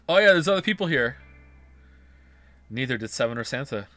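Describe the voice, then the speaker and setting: A man's voice: medium pitch, bright, forceful tone, dry recording. A male streamer reading a visual novel's text aloud and breaking off into wry, sarcastic asides.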